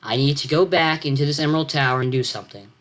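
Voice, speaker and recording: A man's voice: on the high side, quick pace, fairly bright tone, lightly acted. A teenage boy voicing a curt, secretive male outcast with a put-on English accent.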